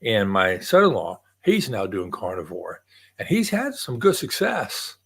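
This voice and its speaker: A man's voice: fairly low pitch, wildly swooping pitch, a little slow, vocal fry, a bit bright, breathy edge. An older man hosting a casual livestream from home, chatting in a rambling way and greeting viewers by name. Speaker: livestream host.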